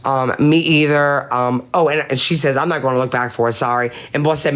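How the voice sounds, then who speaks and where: A man's voice: on the high side, normal speed, a bit bright. Blunt, profane man recounting online drama. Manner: blunt, profane, reads chat messages aloud; emphatic, repeats points for effect. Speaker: panelist on a live-stream panel.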